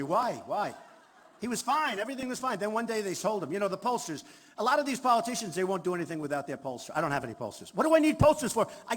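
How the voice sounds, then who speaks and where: A man's voice: extremely high pitch, a bit bright. Boastful man speaking at a rally. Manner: boastful, repetitive, off-the-cuff. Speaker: candidate at a rally. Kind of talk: campaign rally speech. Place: large hall before a crowd. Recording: reverberant hall, faint ambience.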